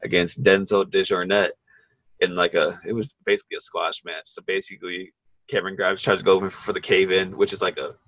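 A young man co-hosting a casual wrestling podcast, rambling excitedly and laughing often. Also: low-pitched, fairly quick, no room sound, low-quality recording. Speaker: podcast co-host.

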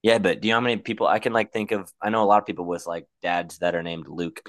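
Laid-back young man, low voice. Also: fairly even intonation, quick pace, a bit bright, dry recording, studio quality. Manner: laughs often, loose and joking. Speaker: podcast co-host. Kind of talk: casual chat among friends.

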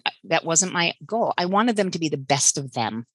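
A woman coach talking casually in an interview, halting and rambling with fillers. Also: low voice, lively intonation, a bit bright, slightly rough, dry recording, poor audio.

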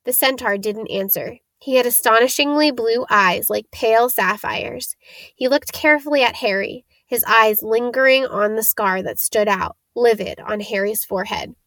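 A woman narrates a storybook with a steady, expressive reading voice. Her pitch sits fairly high for a woman, and the recording is close and dry with no room sound. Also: normal speed, no echo, poor audio. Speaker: audiobook narrator.

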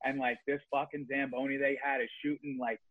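A man's voice: mid-range voice, level tone, fairly quick, no room sound, narrow, tinny audio. A young man, a guest on a casual podcast, telling a long, rambling, profane story about junior hockey.

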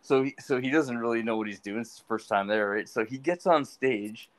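A man's voice: medium pitch, brisk. A man in casual podcast chat telling a profane story, often checking in with "right?". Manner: profane, laughs easily, tags lines with "right?". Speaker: podcast co-host.

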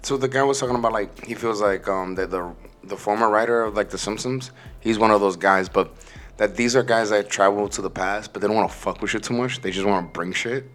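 A man's voice: fairly low pitch, fairly quick, fairly bright tone. A young man from New York co-hosting a podcast, rambling through stories full of fillers. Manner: rambling, lots of fillers, storytelling. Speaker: podcast co-host. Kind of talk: casual chat.

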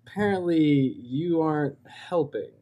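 A man's voice: fairly high pitch, expressive, a little slow, mellow. A man playing a tabletop game in character, hesitant and stammering. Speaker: player. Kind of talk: casual tabletop role-play.

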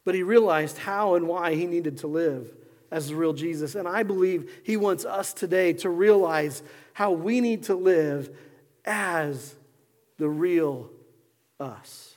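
Male pastor, high voice, preaching, hushed to shouting, long church reverb. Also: slow. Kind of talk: sermon. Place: church sanctuary.

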